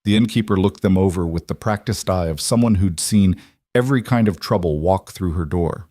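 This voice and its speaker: Brief: male storyteller, low voice, measured reading, dry close sound. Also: mellow, no echo. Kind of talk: scripted story narration.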